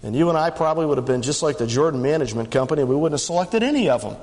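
Animated preacher in an echoing church. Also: male voice, very fast. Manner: dramatic rises and drops in pitch and pace. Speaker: pastor. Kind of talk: sermon.

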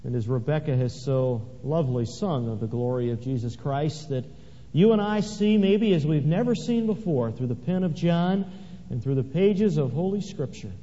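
A man with a medium-pitched, dark-toned voice preaches a sermon, his delivery swelling dramatically whenever he reads scripture aloud. The sound is dull and lo-fi, with the echo of a hall.

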